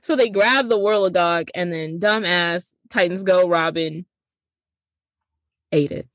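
A woman co-hosting a podcast, recapping a movie in casual chat and acting out the characters' lines in quick voices. She is slangy and swears freely. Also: on the low side, no echo. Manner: animated, acts out characters' lines in quoted voices; slangy and profane. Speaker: podcast co-host.

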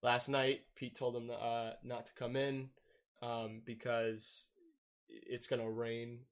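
A man's voice: mid-range voice, completely flat delivery, slow pace, clean tone. A young man casually telling a profane, laughing story on a podcast. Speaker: podcast host.

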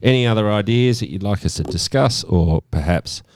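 A man's voice: on the low side, animated, a little fast, darkish tone, no room sound, studio quality. A man with an Australian accent hosting a podcast, upbeat and chatty, teasing his co-host. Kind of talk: casual chat.

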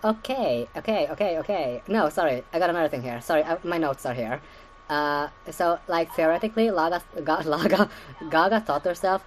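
A woman's voice: low voice, a little fast, low-quality recording. A woman hosting a podcast recap in casual rambling commentary, swearing freely, stacking fillers and laughing at her own asides.

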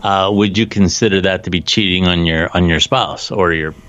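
A man with a deep, low voice talks casually as a podcast co-host, often tripping over his words and restarting. The sound is dry and muffled, a little lo-fi. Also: fairly even intonation, normal speed, a bit bright, no room sound. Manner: stammering restarts, chatty. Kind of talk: casual chat.

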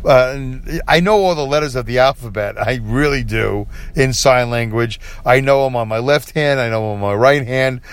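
A man's voice: mid-range voice, normal speed, few pauses, clean tone. A man in his forties hosting a podcast, rambling alone with self-deprecating humor and frequent chuckles. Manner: self-deprecating, chuckles often, animated when quoting himself. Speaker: podcast host. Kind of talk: rambling solo podcast monologue.

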